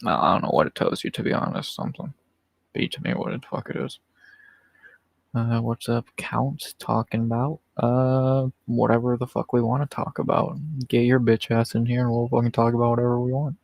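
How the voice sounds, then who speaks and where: A man's voice: medium pitch, flat delivery, normal speed, vocal fry, no room sound, poor audio. A man hosting a livestream in casual, profane, rambling chat, chuckling often. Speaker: livestream host.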